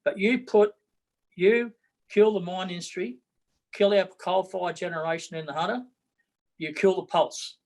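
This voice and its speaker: A man's voice: high voice, steady tone, unhurried, pauses often, darkish tone, poor audio. A middle-aged man with an Australian accent, a political candidate talking bluntly in an interview, repeating his words as he goes.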